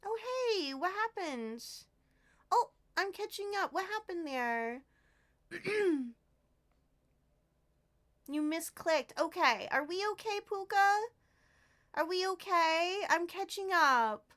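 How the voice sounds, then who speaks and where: A woman's voice: very high-pitched, lively intonation, takes it slowly, long pauses, a bit bright. A woman streamer chatting casually with her live viewers, giggling often and thanking them by name.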